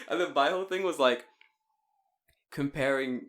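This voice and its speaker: A man's voice: a little high, normal speed. A man in his late twenties co-hosting a casual podcast, telling stories with lots of energy, swearing and laughing. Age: 20s. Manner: animated storytelling, swears freely, laughs often. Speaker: podcast co-host. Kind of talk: casual chat.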